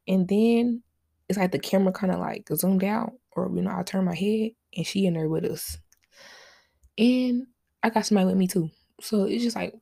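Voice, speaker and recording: A woman's voice: mid-range voice, moderate pace, vocal fry, warm tone, no echo, studio quality. A young woman hosting a solo podcast, chatting casually with lots of slang, rambling asides and frequent laughs. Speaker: podcast host.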